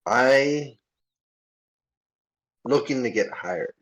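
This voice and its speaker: Brief: simple-minded dragonborn warrior, as a man puts him on, unhurried and blunt. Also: mid-range voice, animated, a bit bright, low-quality recording. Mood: earnest. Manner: broken, simple speech. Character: big green dragonborn barbarian man, simple-spoken.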